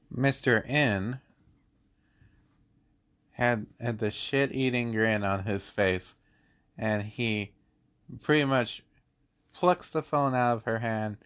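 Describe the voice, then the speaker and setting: A young man casually telling a school story in a rambling manner, often correcting himself as he goes. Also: lowish voice. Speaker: vlogger.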